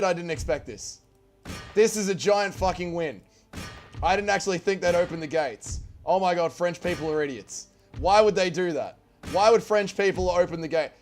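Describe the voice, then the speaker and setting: A man streaming a strategy game, giving excitable live commentary, swearing and shouting orders and cheers. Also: high-pitched. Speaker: gaming streamer.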